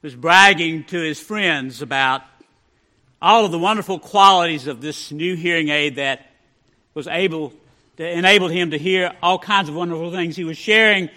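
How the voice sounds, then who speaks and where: High, bright-voiced pastor telling jokes. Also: male voice, moderate pace. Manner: folksy storyteller, drops to a hush for punchlines. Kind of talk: sermon with humorous stories.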